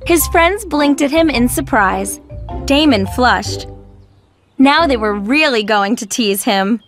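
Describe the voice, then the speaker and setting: A woman narrating a children's storybook in clear, measured tones. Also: fairly high pitch, expressive, faint music behind.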